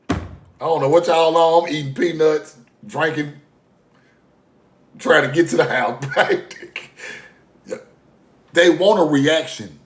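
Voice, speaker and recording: A man's voice: fairly high pitch, echoey room. A man giving a loose, preachy monologue. He swings between muttered asides and raised bursts and laughs often as he talks. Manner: laughs often while talking. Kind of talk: casual monologue.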